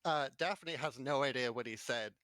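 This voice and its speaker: A man playing a tabletop game, describing his character's actions in a quiet, laid-back way. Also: medium pitch, normal speed, dry recording. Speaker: player. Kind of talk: casual tabletop play.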